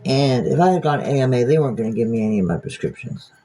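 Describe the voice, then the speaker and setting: A man's voice: mid-range voice, animated, fast talker, mellow, a little hiss or hum, rough recording. A man talking casually on a phone livestream, musing aloud, rambling and swearing freely.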